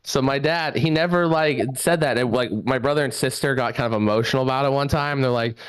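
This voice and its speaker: Rambling young comic, smooth dry voice. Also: male voice, medium pitch, fairly quick, fairly bright tone, dry recording. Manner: loose rambling delivery, lots of likes and uhs, laughs at own jokes. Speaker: stand-up comedian. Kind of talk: stand-up set on a video call show. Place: home room, video call. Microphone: home microphone.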